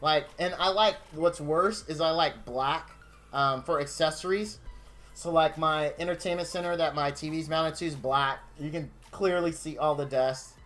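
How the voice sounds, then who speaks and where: A man's voice: on the high side, moderate pace, a bit bright. Gushing, emotional male streamer. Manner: gushing, openly emotional, rambling. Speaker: game streamer. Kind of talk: casual stream chat. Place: home game room.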